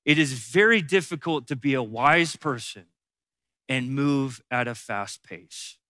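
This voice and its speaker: A man's voice: mid-range voice, animated, a little slow, bright, forceful tone, dry recording, clean studio sound. A man giving a conversational Bible teaching as a pastor, repeating key phrases for emphasis.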